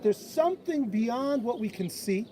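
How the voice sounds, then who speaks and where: A man with a very high voice speaks in no hurry, giving a story-filled bat mitzvah sermon and lively impersonations of the people he quotes. He's outdoors by an old stone wall, where the recording picks up crowd noise.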